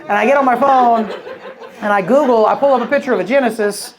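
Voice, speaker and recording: A man's voice: very high voice, quick pace. A man doing a crude, rambling stand-up set, telling stories and acting out quoted voices. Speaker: stand-up comedian. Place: comedy club before a live audience. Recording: live club audio with crowd. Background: audience laughter.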